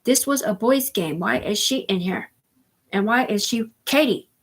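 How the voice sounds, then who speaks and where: A woman's voice: fairly high pitch, a little slow. A woman hosting a live stream, talking in a rambling, profane monologue that jumps from topic to topic. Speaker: livestream host.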